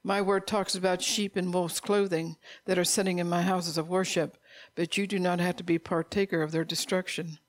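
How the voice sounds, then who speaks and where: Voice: medium pitch, little pitch movement, normal speed, dry recording. A middle-aged preacher giving an informal sermon, blunt and repetitive, scolding listeners in a conversational way.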